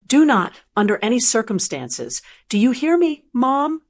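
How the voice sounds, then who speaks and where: A woman's voice: fairly high pitch, sing-song, measured pace, heavily acted. A woman voicing a fierce, loyal adult daughter who urges her mother never to apologize, in a story narration. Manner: fierce, insistent.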